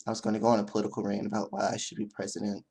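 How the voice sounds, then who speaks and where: A young man vlogging in a casual monologue, rambling and halting, with frequent restarts. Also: fairly low pitch, monotone, darkish tone, slightly rough.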